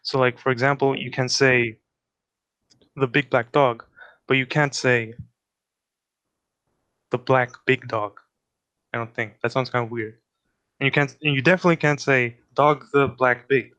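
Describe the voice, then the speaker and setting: Man interviewer, mid-pitched, halting with fillers, dry close sound. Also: steady tone, a bit bright, no room sound, dull audio. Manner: hesitant, many fillers, repeats words back. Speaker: fieldwork interviewer. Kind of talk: elicitation session, casual.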